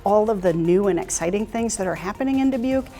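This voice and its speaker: Fast and lively, with a medium-pitched voice, a middle-aged woman recounts her career in an interview over soft background music. She is candid and reflective and frequently starts her sentences over.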